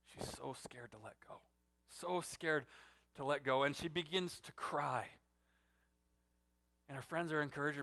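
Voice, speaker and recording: A man preaching a sermon as pastor, telling a story and swinging between loud emphatic lines and hushed, soft ones. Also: fairly high pitch, measured pace, gravelly, pauses often.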